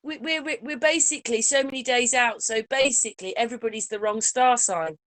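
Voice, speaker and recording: A woman chatting casually as a host, animated, acting out quotes as she goes. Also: on the high side, a little fast, no echo. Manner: animated, acts out quoted voices. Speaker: channel host. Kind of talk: casual conversation.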